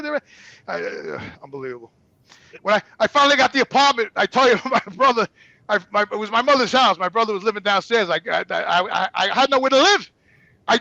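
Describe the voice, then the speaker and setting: A man's voice: high-pitched, animated, quick pace, gravelly, pushed and bright, no room sound. A man telling a personal story as a guest, in blunt, profane, repetitive talk. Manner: blunt, profane, repeats himself.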